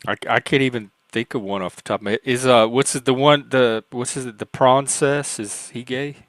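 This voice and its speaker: A man's voice: mid-range voice, steady tone, moderate pace, no room sound. Dry, rambling male stream host. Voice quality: light, youthful-sounding voice for a man. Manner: rambling, self-mocking, laughs often. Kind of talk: casual chat.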